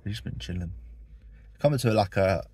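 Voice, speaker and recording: A man's voice: low-pitched, lively intonation, fairly quick, dark tone, breathy edge, dry recording. A young man chatting casually to viewers in a travel vlog, rambling and joking. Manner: rambling, jokey, talks to viewers. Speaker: vlogger.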